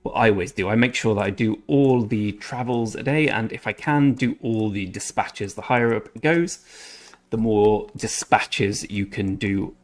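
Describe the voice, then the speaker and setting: At a normal speed and in a lowish voice, a gaming channel host talks casually over his strategy game. His commentary is chatty and meandering, and he frequently corrects himself mid-sentence.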